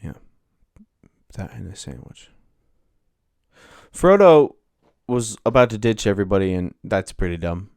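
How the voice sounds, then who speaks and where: A man's voice: fairly low pitch, sing-song, unhurried, pauses often, a little mellow, no echo, studio quality. A man hosting a solo podcast, talking casually and rambling, interrupting himself as he goes. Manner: rambling, self-interrupting, offhand. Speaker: podcast host.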